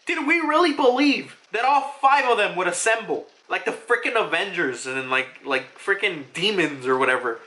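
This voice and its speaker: Hyped young manga reviewer, bright voice. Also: medium pitch, expressive, normal speed, hardly any pauses. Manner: hyped, swears freely, laughs often. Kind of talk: excited casual commentary.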